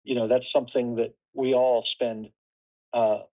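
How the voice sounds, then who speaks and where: A man's voice: mid-range voice, little pitch movement, unhurried, warm tone, highs cut off. A man speaking as a production designer in a casual panel talk, thoughtful and full of restarts.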